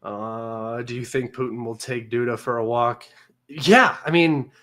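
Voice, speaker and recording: A man hosting a livestream, talking in a mocking, sarcastic and combative way, excitable and a little manic. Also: mid-range voice, measured pace, background noise. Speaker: livestream host. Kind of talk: casual livestream commentary.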